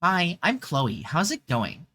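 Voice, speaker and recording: A man putting on a bubbly, high-pitched young woman's voice, talking slowly and drawn out. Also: wildly swooping pitch, bright, forceful tone, breathy edge, no echo, exaggerated voice.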